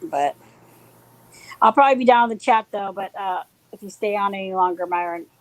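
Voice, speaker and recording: A woman's voice: mid-range voice, brisk, no echo, low-quality recording. Friendly woman chatting on a call, laughing. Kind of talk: casual live-stream chat.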